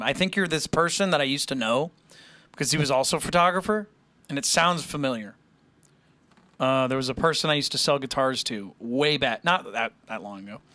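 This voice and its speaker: Young male streamer, casual, jokey, lively pitch, dry close mic. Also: no echo. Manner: rambling, joking, quick to laugh. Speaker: music livestream host. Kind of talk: casual chat with live chat.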